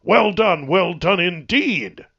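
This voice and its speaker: A man's voice: medium pitch, very animated, a little slow, creaky, bright, forceful tone, breathy edge, dull audio, exaggerated voice. A man voicing an exuberant, powerful male immortal mentor who speaks in a grand, formal way. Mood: exultant.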